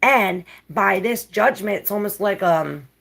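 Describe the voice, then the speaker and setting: A woman's voice: mid-range voice, expressive, a little slow, gravelly, fairly bright tone. A woman giving a casual tarot reading, musing and rambling in a dreamy way with many fillers. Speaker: tarot reader.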